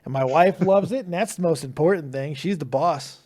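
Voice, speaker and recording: A man's voice: on the high side, fast, warm tone. A man hosts a live call-in stream with a slightly raised, easygoing voice. He swears freely, laughs often and trips over his own words as he rambles. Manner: profane, laughing, rambling with restarts. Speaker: host of a live call-in show. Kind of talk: casual live-stream chat.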